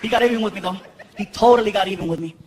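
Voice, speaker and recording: A man telling stories in live stand-up comedy, animated and acting out the voices of the people he talks about. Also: sits high, rapid-fire. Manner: animated storytelling, acts out voices. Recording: live show with loud crowd noise.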